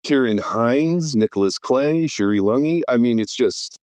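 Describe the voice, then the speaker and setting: A man's voice: medium pitch, expressive, measured pace, a little mellow, dry recording. A man in his fifties chatting on a film podcast, eagerly rattling off names and credits with plenty of fillers. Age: 50s. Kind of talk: casual film podcast chat.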